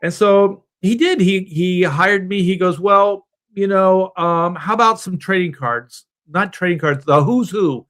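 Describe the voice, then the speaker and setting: The speaker, a comic book artist guest on a panel stream, is a middle-aged man from Southern California whose voice runs a bit high for a man. Over a video call he tells a rambling personal anecdote, animatedly doing quick impressions of the people in it.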